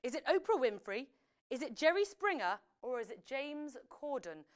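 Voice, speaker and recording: A woman hosting a live quiz, chatty and lively, often correcting herself as she goes. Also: high voice, moderate pace. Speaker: quiz host.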